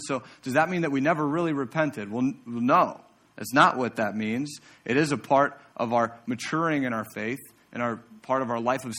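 Male pastor, mid-pitched voice, chatty preaching style with asides to the congregation, church sermon. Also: fairly bright tone.

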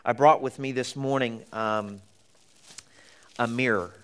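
A man's voice: mid-range voice, steady tone, takes it slowly, a bit bright. A middle-aged man preaching a sermon in a conversational, storytelling way, laughing and acting out the voices of the people in his stories.

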